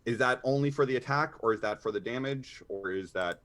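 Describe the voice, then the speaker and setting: A man's voice: mid-range voice, fairly quick, a bit bright. A man playing a tabletop game, talking in an easygoing way and thinking aloud with many fillers. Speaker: player. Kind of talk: casual tabletop game play.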